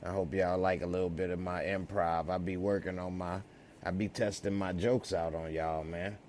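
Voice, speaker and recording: A man's voice: deep voice, flat delivery, moderate pace, darkish tone, slight background noise. A man casually chatting on a live-stream review, using laid-back slang. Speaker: TV show reviewer.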